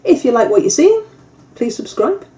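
A woman's voice: a little high, big pitch swings, normal speed, mellow. A woman co-hosting a casual e-liquid review, teasing her partner with dry humour and tripping over words now and then. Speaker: co-host.

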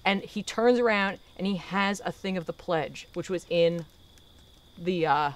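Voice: medium pitch, unhurried. A podcast host casually recapping a comic book, telling the story with animation and acting out the characters' lines.

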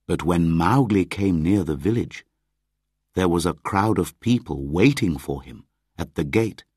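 Male storyteller, low voice, unhurried, measured, storybook narration. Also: lively intonation, a little mellow, slightly rough, no room sound, clean studio sound. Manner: measured, deliberate reading.

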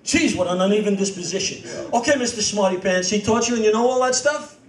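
High-voiced older man cracking stage jokes. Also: fast. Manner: wisecracking, teasing. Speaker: comedy sketch performer. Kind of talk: stage comedy routine. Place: senior center stage. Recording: echoey hall from far off, audience.

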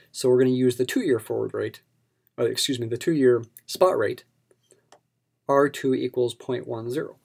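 A man explaining a math problem step by step in a recorded lesson. His pitch sits in the middle range, and his delivery is patient and methodical. He keeps coming back to key terms for emphasis. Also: vocal fry, a little mellow. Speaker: math instructor.

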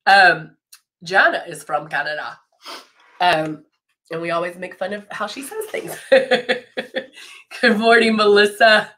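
Woman, head cold, nose stuffed up; clear bright tone, chatty live-stream makeup host. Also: medium pitch, fairly even intonation, a little slow, long pauses. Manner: chatty, greets viewers by name, laughs often. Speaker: brand educator hosting a live makeup demo.

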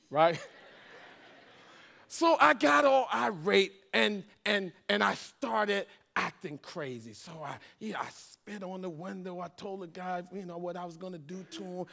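A man's voice: high voice, a little slow, creaky. A middle-aged man, a pastor, telling a humorous personal testimony in a sermon, joking with the congregation as he goes. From Washington, D.C. area. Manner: animated storytelling, jokes with congregation.

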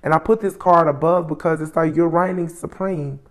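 A woman giving a solo tarot reading, musing aloud as she names each card, with soft exclamations along the way. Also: low voice, steady tone, moderate pace. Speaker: tarot reader.

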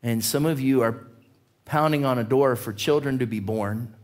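A man preaching a sermon as a pastor, telling a personal story in an animated way, his voice climbing as the tale builds. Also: mid-range voice, normal speed. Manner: animated storyteller, voice rising with excitement. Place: church.

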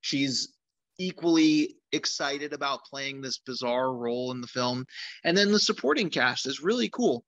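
Man, filmmaker, eager and rambling, bright voice, dry, muffled recording. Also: medium pitch, animated, normal speed, no echo. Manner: eager and rambling, full of fillers. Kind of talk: casual enthusiastic talk in a recorded video.

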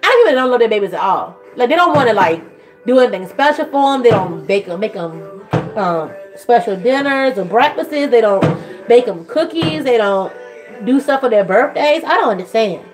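Woman vlogger, rambling chatty talk, fairly high pitch, soft music behind. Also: moderate pace. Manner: rambling and gushing, swings into high excited voices. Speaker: vlogger and mother. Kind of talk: casual chat to camera.

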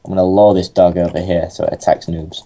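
Cheeky deep-voiced gamer guy. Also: level tone, fast talker, crowd noise. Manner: teasing, cheeky and sarcastic. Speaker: co-host gamer. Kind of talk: casual gaming chat.

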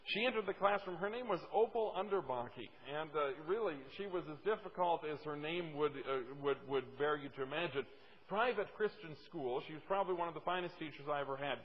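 A man preaching a sermon, emphatic, slowing down to stress scripture quotes and telling folksy classroom stories. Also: a little high. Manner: storytelling with folksy asides. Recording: dull lo-fi audio with long reverb.

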